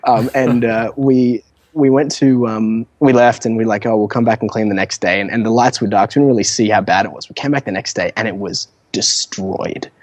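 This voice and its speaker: A man's voice: mid-range voice, moderate pace, no echo. A young man, an entrepreneur guest on an interview show, telling stories casually with lots of fillers, restarts and laughs. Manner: animated, laughs often, many fillers and restarts.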